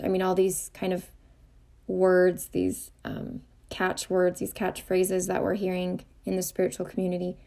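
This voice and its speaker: A woman's voice: mid-range voice, mellow. A woman hosting a spiritual podcast, talking in a rambling, earnest, self-correcting way. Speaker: podcast host. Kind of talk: casual spiritual talk.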